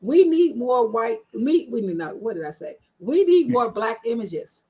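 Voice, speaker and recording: A woman's voice: on the high side, very animated, measured pace, slightly rough, dull audio. A woman guest on an online panel show, chatty and frank, telling her story with many fillers. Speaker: guest, marketing strategist.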